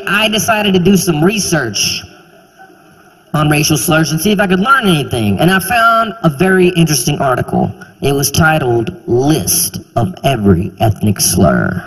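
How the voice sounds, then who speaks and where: A stand-up comedian from South Carolina, talking in an animated way and acting out other people's voices. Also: male voice, measured pace, slightly rough. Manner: animated, puts on voices of others, jumps high in pitch. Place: large theater stage. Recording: live hall reverb, faint ambience.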